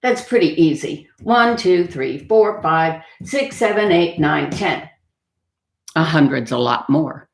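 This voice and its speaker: A woman librarian reading picture books aloud to children, expressive and asking them questions. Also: low-pitched, slow, echoey room. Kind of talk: storytime read-aloud. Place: library room.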